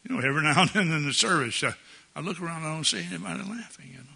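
Bright, husky older pastor. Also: male voice, a little high, animated, racing. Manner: folksy, jovial, chuckles often. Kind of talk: sermon. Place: church sanctuary.

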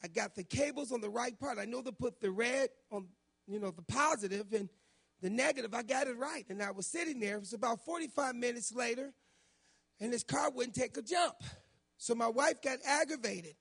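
High raspy-ish preacher guy, middle-aged, telling stories in a sermon, gets loud and animated. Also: a little fast. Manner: animated storytelling, rising to shouts when quoting. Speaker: pastor.

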